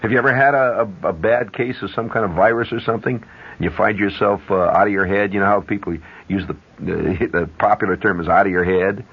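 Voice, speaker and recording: A man hosting a radio show, telling a long rambling story in an animated way and stopping for conversational asides. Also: lowish voice, fairly quick, slightly rough. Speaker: radio host. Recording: dull 1970s radio broadcast.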